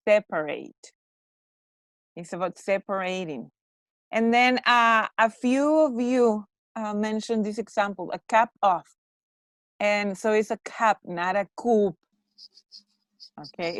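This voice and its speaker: Slow, encouraging woman teacher. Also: medium pitch, dry recording. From Mexico. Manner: encouraging, repeats words slowly to model pronunciation. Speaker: English teacher. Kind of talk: classroom feedback on pronunciation. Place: classroom.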